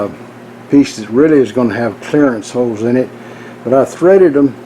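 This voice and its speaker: Man, mid pitch, mellow tone, folksy shop narration, faint room hum behind. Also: low-quality recording. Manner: folksy, relaxed joke-telling. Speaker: machinist.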